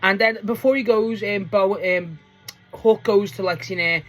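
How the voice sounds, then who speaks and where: A man giving a casual, rambling solo review recap, full of likes and ums, casual swearing, and bursts of pitch when he acts out quotes. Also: fairly even intonation, unhurried, a bit bright. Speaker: show reviewer.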